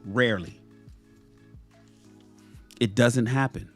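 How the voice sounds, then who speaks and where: A man's voice: mid-range voice, slow, soft background music. A man, a motivational vlogger, telling a story in a casual monologue, often repeating and restarting his phrases. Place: home in Los Angeles.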